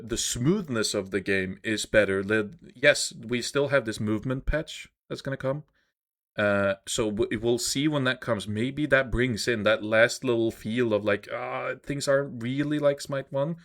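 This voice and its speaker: A man's voice: mid-range voice, unhurried, fairly bright tone. A man co-hosting a gaming podcast, giving opinions in casual chat with frequent fillers. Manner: opinionated, hesitant with many uh fillers. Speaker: podcast co-host.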